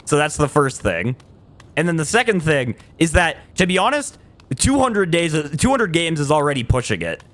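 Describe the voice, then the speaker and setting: A man's voice: fairly high pitch, very animated, moderate pace, fairly bright tone. A man chatting casually on a gaming livestream, rambling, correcting himself mid-sentence and laughing between thoughts. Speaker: streamer.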